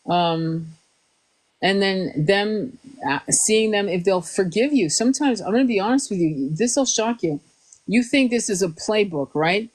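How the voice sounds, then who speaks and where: A woman's voice: medium pitch, animated, unhurried, a little mellow, poor audio. A woman who does spiritual readings and hypnotherapy, talking casually with restarts, stretched words and some swearing.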